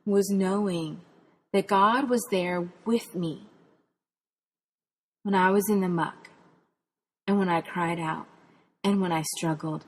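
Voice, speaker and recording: A woman's voice: on the low side, steady tone, takes it slowly, pauses often. A woman from Texas, a podcast host and spirituality author, earnestly tells a personal faith testimony in a reflective way. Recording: long hall reverb.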